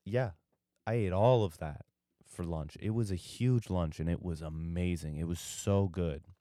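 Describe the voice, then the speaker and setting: A man's voice: low voice, measured pace, dark tone, no echo, clean studio sound. A tired young man rambling loosely through a solo podcast, drifting off topic and losing his train of thought. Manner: drowsy, meandering, loses his train of thought. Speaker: podcast host.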